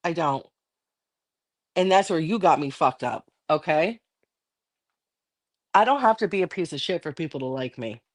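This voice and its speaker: A woman's voice: low-pitched, animated, moderate pace, pauses often. A middle-aged woman on a livestream, ranting angrily and defiantly with constant swearing. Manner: angry, defiant, profane. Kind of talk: heated livestream rant.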